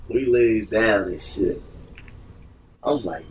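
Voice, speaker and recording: A man's voice: low voice, expressive, unhurried, darkish tone. A man telling a story in casual chat as a podcast guest. He swears a lot, laughs often and acts out voices. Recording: distant mic with faint background noise.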